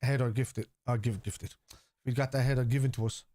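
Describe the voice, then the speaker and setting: Hosting a live fan watchalong, this man reads out viewer chat and responds in a blunt, casual way, cursing freely. He speaks fairly quickly at a medium pitch, with a warm tone and fairly even intonation. It's studio-quality audio without echo.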